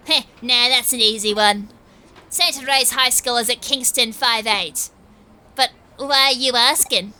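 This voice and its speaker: Nasal know-it-all male nerd in a game, read by an Australian woman; bright, higher voice. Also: a little slow, smooth. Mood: smug. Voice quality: nasal, scrunched-face voice. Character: nasal young male comic-book nerd, smug.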